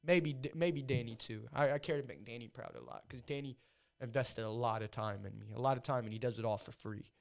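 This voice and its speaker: A man's voice: mid-range voice, lively intonation, a little fast, vocal fry. A man, a fighter guest on a podcast, telling emotional stories in casual, heavily profane chat.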